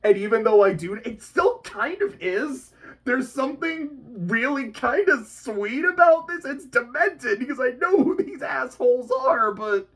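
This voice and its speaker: A reaction vlogger talking casually about a book they are reading, animated, often laughing and swearing casually. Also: high-pitched, measured pace, slightly rough.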